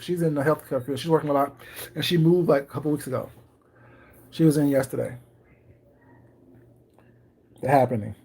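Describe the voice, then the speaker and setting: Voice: mid-range voice, mellow, slightly rough. A livestream host chatting casually with viewers from a home kitchen, greeting people by name and speaking in a wry, ironic way. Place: home kitchen while baking.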